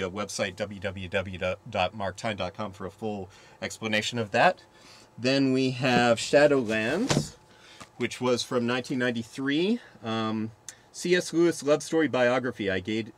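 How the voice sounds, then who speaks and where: A man hosting a casual public-access TV movie review, rambling and halting with frequent "uh" and "um" as he rates films one by one. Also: fairly low pitch, a bit bright. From San Francisco Bay Area.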